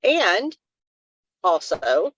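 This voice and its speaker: A woman's voice: medium pitch, very animated, extremely slow, a bit bright, no echo, highs cut off. A woman co-hosting a live wellness talk stream, giving earnest advice in a casual, rambling way.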